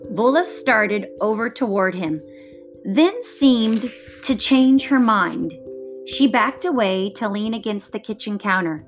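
A woman reading a novel aloud, steady and measured in her delivery. Her pitch is middling, and soft music plays underneath. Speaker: reader.

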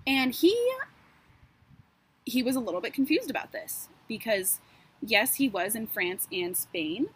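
A woman with a slightly husky, airy voice walks through a true-crime case on a podcast. She is casual and chatty, peppering the story with sarcastic asides and fillers. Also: fairly high pitch, big pitch swings, a little slow, long pauses, fairly bright tone. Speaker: podcast co-host.

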